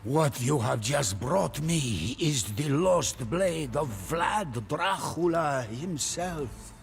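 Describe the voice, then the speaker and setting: A man voicing a grave, hospitable castle lord with a Wallachian accent, speaking slowly and solemnly in a game cutscene. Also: fairly high pitch, lively intonation, creaky, soft background music, pitched above the performer's own voice, full character voice.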